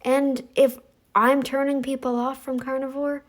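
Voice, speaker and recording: A woman's voice: flat delivery, a little slow. A middle-aged woman hosting a commentary channel, talking in a sassy, scolding monologue aimed at her critics. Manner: sassy, scolding, mocks others in high voices.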